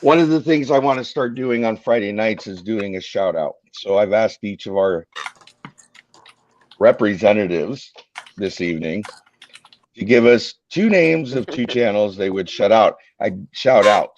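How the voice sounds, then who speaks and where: A man's voice: lowish voice, measured pace, a little mellow, lo-fi sound, a little hiss or hum. Man hosting a chatty live stream. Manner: chatty, self-deprecating, fillers. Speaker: host. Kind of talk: casual live-stream chat.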